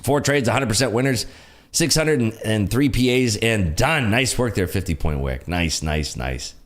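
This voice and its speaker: A man's voice: fairly low pitch, animated, moderate pace. A man hosting a live day trading stream, chatting casually, laughing often and cheering on his viewers. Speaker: day trading livestream host. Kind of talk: casual live market commentary.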